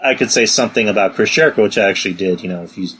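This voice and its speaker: Low-voiced rambling man, faint hiss. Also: very fast, fairly bright tone. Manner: rambling, lots of "you know". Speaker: podcast co-host. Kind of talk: casual chat.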